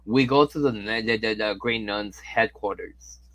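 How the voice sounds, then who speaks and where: A man's voice: fairly low pitch, measured pace, no echo. A man hosting a podcast in casual chat, hesitant with many fillers. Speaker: podcast host.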